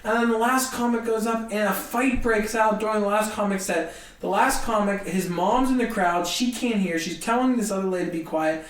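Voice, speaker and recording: A young man, a guest comedian, telling a story in a casual, animated way and acting out the people in it. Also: sits high, brisk, far from the mic. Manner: animated, acts out other people's voices. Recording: roomy echo, a bit off-mic, faint hiss.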